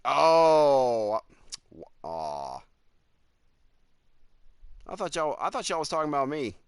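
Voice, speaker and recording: A man's voice: fairly high pitch, sing-song, takes it slowly, clear, resonant tone, no echo, clean studio sound. Drawling Southern man streaming a game. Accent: American Southern. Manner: joking, drawling, reads chat aloud. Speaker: gaming streamer. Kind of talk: casual live-stream chat with viewers.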